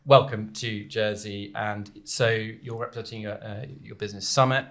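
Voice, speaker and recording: In his Jersey recording studio, the host chats loosely, restarting often and leaning on fillers. His lowish voice barely moves in pitch, with a normal speed and a slightly bright quality.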